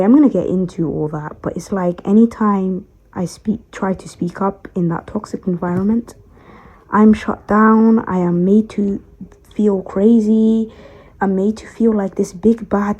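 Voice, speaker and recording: A tired woman venting to the camera about her workplace, frustrated and pausing to collect herself. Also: medium pitch, mellow, husky. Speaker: storytime vlogger. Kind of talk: emotional personal vent.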